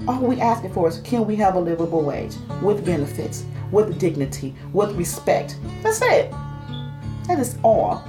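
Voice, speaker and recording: A woman's voice: medium pitch, expressive, normal speed, hardly any pauses, over music. A woman home care worker, telling her story with passion in an oral history interview.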